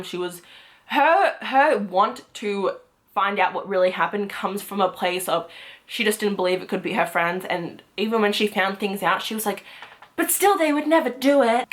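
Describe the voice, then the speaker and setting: A young woman vlogging her monthly reading wrap-up in a casual, gushing way, often jumping into loud, excited squeals. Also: medium pitch. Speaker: book vlogger.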